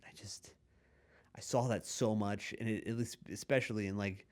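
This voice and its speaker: Halting, rambling male podcast host. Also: fairly low pitch, fairly even intonation, a little mellow. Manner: halting, full of restarts and laughs. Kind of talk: rambling comedic monologue.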